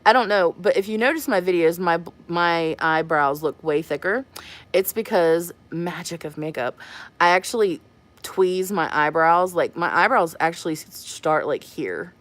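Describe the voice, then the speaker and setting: A woman with a slightly low voice hosts a makeup live stream. She talks in a loose, chatty way and laughs often as she reads comments from her viewers. Her voice comes through a webcam mic. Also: moderate pace. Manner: chatty and giggly, reads and answers the chat. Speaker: makeup livestream host.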